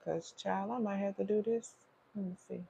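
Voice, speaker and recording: A woman's voice: mid-range voice, steady tone, moderate pace, vocal fry, warm tone, a little hiss or hum. A woman hosting a casual livestream as a leadership coach, chatty and welcoming, greeting viewers over and over as they join. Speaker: feminine leadership strategist, livestream host.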